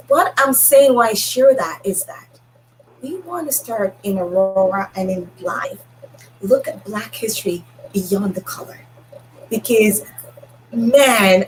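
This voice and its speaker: A woman's voice: mid-range voice, slight background noise, poor audio. A woman from Jamaica, hosting a casual online panel and telling stories in a chatty way. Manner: chatty, storytelling with restarts. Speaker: host.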